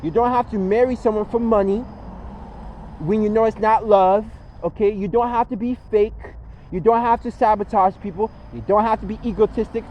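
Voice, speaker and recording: Man, 20s, high voice, earnest and repetitive, filler-heavy self-help vlog talk, faint street noise. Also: steady tone, moderate pace, dull audio. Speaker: vlogger. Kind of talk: casual motivational monologue.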